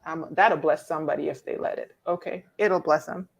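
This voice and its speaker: Expressive woman coaching on a live stream. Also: low-pitched, a little fast, creaky. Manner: expressive and preacherly, teasing viewers by name, emphatic repetition. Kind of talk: casual live-stream coaching talk, reading viewer comments.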